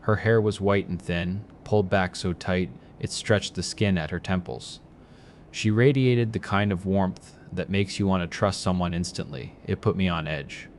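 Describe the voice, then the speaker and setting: A man reads a horror story in a very deep voice. His delivery is measured and grim, with a faint hiss of noise behind him. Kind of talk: scripted horror narration.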